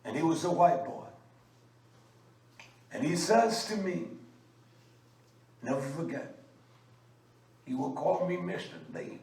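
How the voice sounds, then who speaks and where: Male religious teacher, emphatic and scolding; higher voice; roomy echo with faint background noise. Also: expressive, slow pace, pauses often, darkish tone. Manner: emphatic and scolding, with frequent uh fillers. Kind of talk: fiery sermon teaching. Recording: echoey room, mic at a distance, faint background noise.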